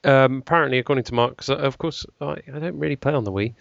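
A young British man in a relaxed podcast chat, joking and chuckling between news items. His voice is mid-pitched and conversational. The mic sound is dry and a touch dull. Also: fast talker, creaky, dry recording. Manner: jokey, laughing often, reading news items. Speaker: podcast co-host. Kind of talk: casual chat.

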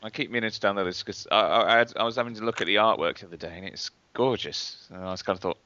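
A man's voice: fairly low pitch, fast, pushed and bright. A man co-hosting a podcast with dry humor, often stammering at the start of sentences. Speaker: podcast co-host. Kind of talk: casual chat. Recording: dull dry podcast sound.

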